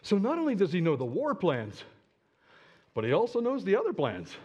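Animated storytelling preacher, man. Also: high-pitched, normal speed, husky, lo-fi sound. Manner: animated and dramatic, with asides to the audience. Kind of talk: storytelling sermon.

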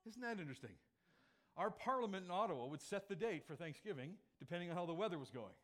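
Lively joking pastor, man. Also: high-pitched, fast talker. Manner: lively and joking, with sudden loud emphatic phrases. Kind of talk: sermon.

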